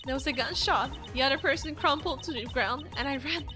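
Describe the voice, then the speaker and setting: Woman reads a shaken young woman, broken phrasing, high and fragile. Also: sharp tone, soft background music. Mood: frightened. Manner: halting, shaken. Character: frightened young woman confessing.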